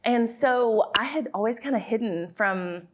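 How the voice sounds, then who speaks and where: A woman in her thirties with a thick Southern American accent, a guest in a casual podcast interview, talking in a chatty, animated way. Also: on the high side, unhurried, a little hiss or hum. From Southern United States. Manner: chatty and animated, acts out her own past lines. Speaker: guest, YouTube creator and business owner.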